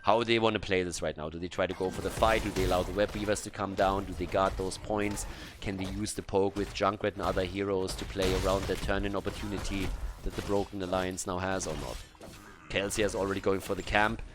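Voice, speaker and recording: A man casting a video game match by himself, excited at big plays and calm between them. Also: deep voice, fairly quick, background noise. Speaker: esports caster. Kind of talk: solo play-by-play commentary.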